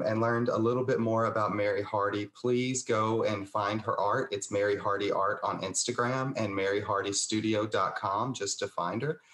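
A man with a lowish voice hosts a casual podcast interview. He speaks earnestly and stumbles over his words. The room around him is echoey. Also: a bit bright. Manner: earnest, stammering restarts. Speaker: podcast host.

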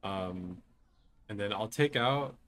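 A young man plays a tabletop game, hesitating often and leaning on fillers as he describes what his character does. His voice sits somewhat low, with faint noise in the background. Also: slow pace, fairly bright tone. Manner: hesitant, filler-heavy talk. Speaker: player. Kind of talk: casual tabletop game play.

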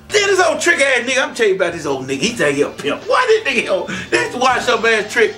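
A man telling profane stand-up comedy stories in a loud, animated way, often breaking into shouts. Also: very high voice, fast, hardly any pauses. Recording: distant mic, faint music behind.

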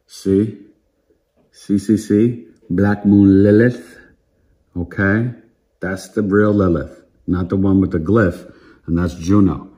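Deep-voiced emphatic man in his fifties. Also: darkish tone. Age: 50s. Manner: emphatic, repetitive, street slang. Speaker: astrologer. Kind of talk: casual direct-to-camera monologue.

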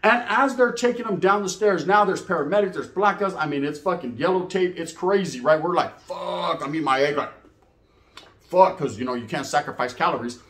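A man's voice: fairly high pitch, fast, few pauses, a bit bright, a little hiss or hum. Profane storyteller man, roomy sound. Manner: profane, slangy, laughs at own stories. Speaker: storyteller recounting prison life. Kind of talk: casual storytelling monologue.

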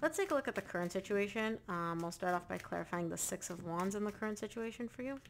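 Creaky-voiced woman giving a tarot reading. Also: medium pitch, expressive, fast, slight background noise. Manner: emphatic, repeats phrases, addresses the viewer directly. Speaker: tarot reader. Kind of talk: casual spoken tarot reading.

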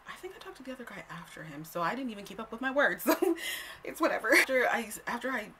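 A young woman telling a story on her own vlog in a casual, animated way, blunt and quick to swear. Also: a little high, heavy background noise. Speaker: storytime host.

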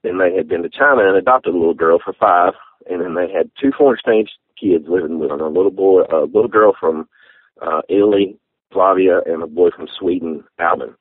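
A man, telling a personal testimony in an interview, halting and heartfelt, with many fillers. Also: deep voice, no echo. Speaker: interview guest. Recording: tinny phone-like sound.

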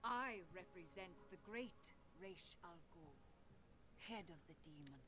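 Talia, a poised assassin heir. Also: female voice, on the low side, unhurried. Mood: commanding. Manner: calm, formal and commanding. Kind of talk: video game cutscene acting. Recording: game audio under gameplay noise.

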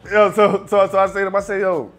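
Animated Brooklyn man spinning a story. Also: high voice, quick pace, faint music behind. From Brooklyn, New York. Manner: animated, acts out the other people in his story, keeps asking "you know what I'm saying". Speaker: rapper guest. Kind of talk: storytelling in a casual interview.

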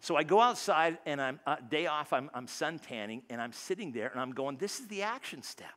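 A male pastor preaching in a church with a high, bright voice. He talks to the congregation in a loose, animated way, stumbling over restarts and then dropping suddenly soft. He sounds close and direct, like a friend giving a talk. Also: fairly quick. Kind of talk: sermon. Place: church sanctuary.

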